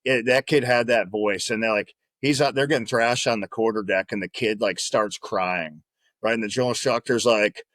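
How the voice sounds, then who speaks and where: A man's voice: fairly low pitch, normal speed, a bit bright, dry recording. A man, a former Marine guest on a podcast, telling stories in a casual, profane, rambling way, often tagging his lines with "right?". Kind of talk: casual storytelling in conversation.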